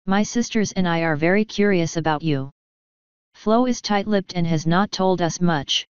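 Woman voicing a stiff polite royal lady from a storybook, low smooth voice, dry dull recording. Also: dry recording, lightly acted. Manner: measured and courteous. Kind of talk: audiobook reading of fan fiction.

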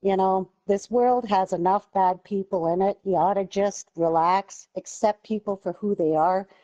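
A woman's voice: medium pitch, fairly even intonation, moderate pace, mellow, no echo, highs cut off. A woman, a parent, scolding a rude gamer in a lecturing, sarcastic way.

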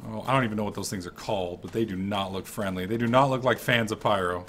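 A man giving casual commentary over his own gameplay, excitable and swearing freely. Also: lowish voice, fast, a little hiss or hum. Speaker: let's-play gamer.

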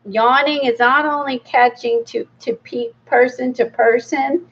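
Her voice is high, with a steady tone, a measured pace and a breathy edge, recorded in lo-fi quality. She's a middle-aged art channel host doing a casual book review vlog, chatty and wandering, full of fillers and little laughs.

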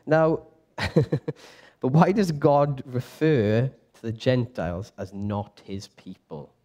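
A man's voice: medium pitch, slow. Chatty young man teaching a church crowd. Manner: lively, chatty, quizzes the audience, self-correcting. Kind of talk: casual sermon teaching. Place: church meeting room.

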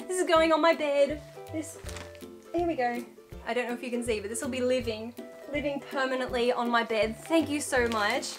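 High-pitched aussie-raised girl squealing over parcels, super bright voice. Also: fairly quick, soft background music. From Australia. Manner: gushing, squealy excitement. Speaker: unboxing vlogger. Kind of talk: excited casual unboxing chat. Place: home room with a dog nearby.

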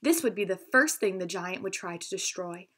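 Expressive woman reading a children's story. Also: mid-range voice, slightly rough. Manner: expressive, pausing to explain words. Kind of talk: storybook read-aloud for children.

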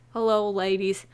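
A man's voice: sits high, smooth, heavily acted. A woman reading aloud the lines of a charming, flirtatious male park ranger guide in a horse-riding game.

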